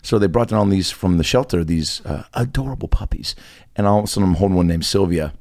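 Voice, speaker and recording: Low-pitched man in his 30s, comedian spinning rambling self-deprecating yarns, dry close sound. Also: expressive, quick pace, vocal fry, a little mellow, no echo. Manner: rambling anecdotes full of fillers and self-mockery. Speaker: touring stand-up comedian, podcast host. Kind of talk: casual podcast storytelling.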